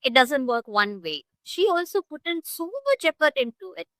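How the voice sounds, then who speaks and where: A woman English tutor giving a one-on-one online lesson over a video call, talking expressively and demonstrating word stress and pauses. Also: sits high, sing-song, a bit bright, no echo, rough recording.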